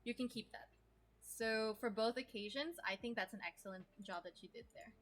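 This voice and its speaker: Woman teacher on a stream, bright voice, explains words and asks the class stuff. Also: a little high, moderate pace. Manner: explains terms, asks students questions. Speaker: English teacher. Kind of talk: online class.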